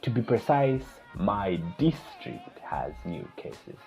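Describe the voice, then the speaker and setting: A young man vlogging, retelling a night of panic in a casual, animated storytelling way. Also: fairly low pitch, takes it slowly. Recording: slightly dull lo-fi recording with faint music.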